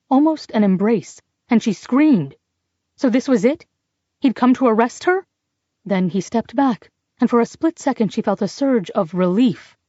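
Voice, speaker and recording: A woman narrating a novel in a measured, even way. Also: mid-range voice, no echo, lo-fi sound. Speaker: audiobook narrator. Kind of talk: scripted narration.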